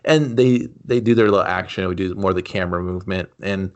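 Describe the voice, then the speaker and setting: Low-voiced man in laid-back movie chat. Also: quick pace, highs cut off. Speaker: movie review podcast co-host. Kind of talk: casual chat.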